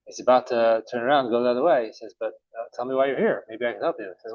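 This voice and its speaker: A man teaching a morning Talmud class, telling a story casually with many pauses and restarts. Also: mid-range voice, no room sound. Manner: relaxed, halting, many uhs and restarts. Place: synagogue or study room. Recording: dull, dry recording.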